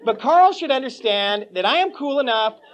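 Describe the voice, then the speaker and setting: A man's voice: very high voice, lively intonation, moderate pace. A man telling his recovery story at a meeting, in a joking, slangy way, calling listeners "man" and "bro". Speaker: AA meeting speaker. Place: meeting room before a live audience. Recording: lo-fi old cassette tape.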